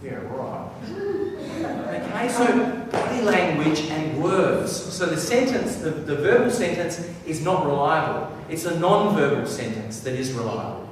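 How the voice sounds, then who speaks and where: A man giving an energetic, playful stage talk on body language to a live audience and directing them as he goes. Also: on the high side, moderate pace, hardly any pauses, noisy background. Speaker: professional speaker. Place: large hall with a live audience. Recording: echoey hall recorded from far off.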